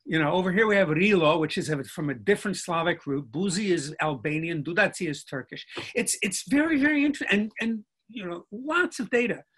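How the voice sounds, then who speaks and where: The older linguistics professor talks a little fast with hardly any pauses, his high voice husky, fairly bright and lively in intonation. As a guest on a video call, he lectures step by step and checks that his listeners are with him.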